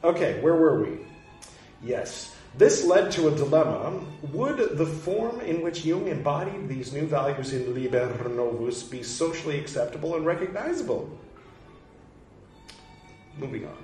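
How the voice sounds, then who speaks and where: A man's voice: on the high side, sing-song, a little slow, darkish tone, faint music behind. A man casually commenting on a reading, rambling and facetious, with frequent asides. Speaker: podcast host reading and commenting. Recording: roomy echo, faint background noise.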